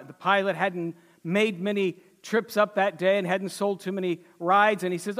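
A man's voice: high-pitched, steady tone, normal speed, hardly any pauses, a bit bright. A male pastor preaching a sermon in a folksy, emphatic storytelling way.

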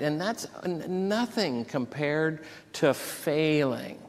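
A man pastor preaching a sermon, retelling scripture and a personal story with deep emotion. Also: lively intonation, takes it slowly, gravelly. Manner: emotional storytelling, reads scripture aloud with rising intensity. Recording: long hall reverb.

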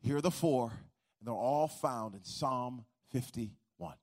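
A pastor delivering a sermon, repeating key phrases and asking the congregation to answer back. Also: male voice, mid-range voice, takes it slowly, a little mellow. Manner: emphatic preaching with varied pace.

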